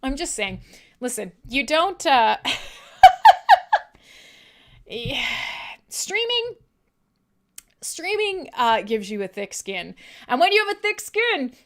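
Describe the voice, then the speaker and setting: A woman hosts a live metal radio stream in loose, rambling chat. Her voice sits a little high and has a bright, sharp edge. She is irreverent and swears easily. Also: big pitch swings, slow pace, pauses often. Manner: talks to her dog in a soft coo. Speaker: metal radio show host.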